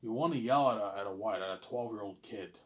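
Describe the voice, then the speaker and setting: A man in his thirties with a somewhat low voice tells a story in a loose, casual monologue. He circles back on himself, repeats lines, and swears freely. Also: fast talker. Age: 30s. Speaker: vlogger.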